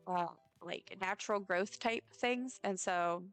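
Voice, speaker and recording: Smooth-voiced chatty woman streamer. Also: medium pitch, moderate pace, few pauses, fairly bright tone, dry recording, soft background music. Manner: chatty, rambling, many fillers. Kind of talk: casual gameplay chat.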